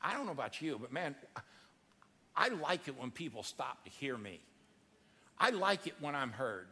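Male pastor: dramatic, animated sermon delivery, bright voice, echoing church hall. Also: moderate pace. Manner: animated, acts out quotes with big pitch swings. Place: church sanctuary.

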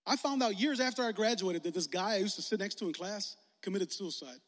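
Young man, youth pastor, casual animated sermon, high voice, long hall reverb. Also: a little fast. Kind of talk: youth sermon with altar call. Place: large hall with audience.

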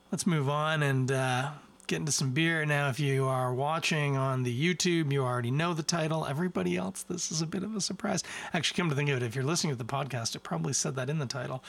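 A man hosting a beer podcast, talking casually in a rambling, chatty way with self-mocking asides. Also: mid-range voice. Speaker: podcast host reviewing beer. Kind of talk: casual chat, tasting review.

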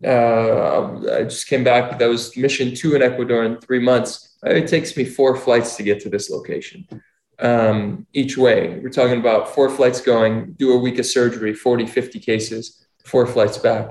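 A man's voice: mid-range voice, moderate pace. Man telling a story in a roomy room. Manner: earnest, animated retelling with quoted dialogue. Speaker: surgeon doing medical missions. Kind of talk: casual storytelling talk. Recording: roomy echo.

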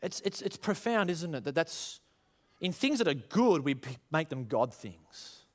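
Aussie pastor guy preaching, lively, lots of rhetorical questions, does little voices. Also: a little high, a little slow. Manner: animated, rhetorical questions, acts out quoted voices. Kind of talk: sermon.

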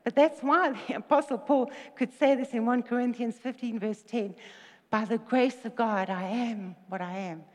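A woman delivers a lively sermon, retelling a story with jokes and quick asides. Her voice sits high, and a long reverb trails behind it from a large hall. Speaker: preacher.

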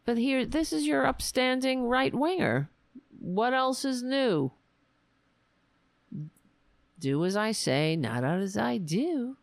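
A woman hosting a political podcast, talking in a sarcastic, mocking way and slipping into shrill impressions of her opponents. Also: big pitch swings, slow, gravelly, pauses often, no echo. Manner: mocking, switches into shrill mimicking voices.

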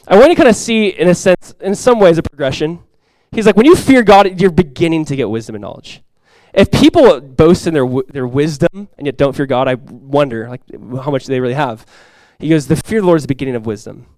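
A young adult man, a pastor, preaching a sermon in a casual, animated storytelling way. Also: a little high, fairly quick, no echo, rough recording.

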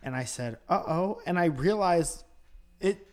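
A man's voice: on the high side, expressive, a little slow, a little mellow. A man co-hosting a casual chat show at home, telling jokey rambling stories. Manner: joking, rambling storyteller. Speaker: podcast co-host. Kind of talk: casual banter. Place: home in Los Angeles.

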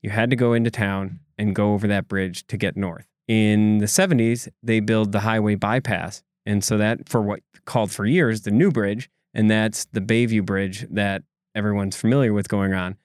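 His voice is lowish, clear, and resonant with a darkish tone, steady in delivery and moderate in pace. Co-hosting a podcast, he explains a local story loosely, with asides and restarts, and the studio recording is clean with no room sound.

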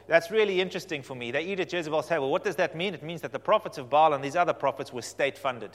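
Male preacher, slightly high voice, dramatic storyteller, long hall echo. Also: racing, few pauses. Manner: animated storytelling, swinging from loud to hushed. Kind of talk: sermon.

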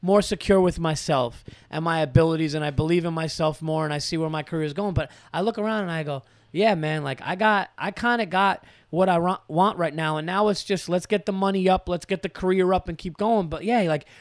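A man hosting a podcast, a comedian telling stories in a casual, profane, animated way. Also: on the high side, a little fast, hardly any pauses, dry recording, clean studio sound. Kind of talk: casual chat.

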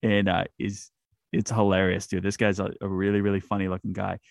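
Gravelly low-voiced podcast host. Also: male voice, a little fast, no echo, clean studio sound. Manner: rambling, filler-heavy, animated. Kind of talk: casual film chat.

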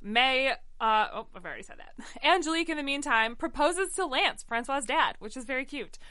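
A woman's voice: sits high, animated, brisk, bright, forceful tone, no room sound. A woman co-hosting a casual chat, recapping a musical with lots of fillers and enthusiasm. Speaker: podcast co-host.

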